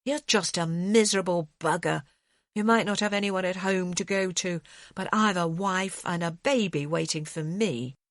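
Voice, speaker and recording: A man's voice: high-pitched, moderate pace, fairly bright tone, no echo, clean studio sound. A woman voicing a weary, sick young husband who speaks tersely and bitterly.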